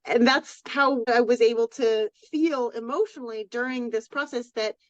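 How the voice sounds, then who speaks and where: A woman co-hosting a podcast, sharing a heartfelt personal story in an open, unguarded way with frequent restarts. Her voice sits on the higher side. The sound is dry and a little dull. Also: normal speed, dry recording. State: tearful. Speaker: podcast co-host. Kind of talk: casual chat.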